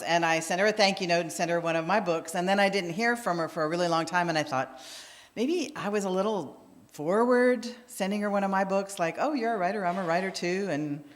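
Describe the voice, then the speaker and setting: A woman minister giving a sermon in a conversational storytelling manner, acting out the voices of people she quotes. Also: lowish voice. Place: church sanctuary. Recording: long reverb of a church hall.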